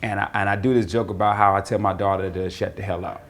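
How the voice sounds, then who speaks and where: Male comedian, low and gravelly, relaxed interview talk. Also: fast, slight background noise. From North Carolina, USA. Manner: relaxed, rambling with repeated restarts. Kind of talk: casual interview answers.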